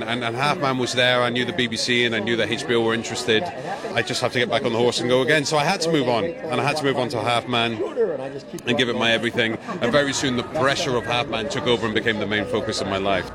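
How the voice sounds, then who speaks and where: A man answering interview questions, quick and earnest, repeating words as he goes. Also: mid-range voice, fairly even intonation, over a noisy crowd.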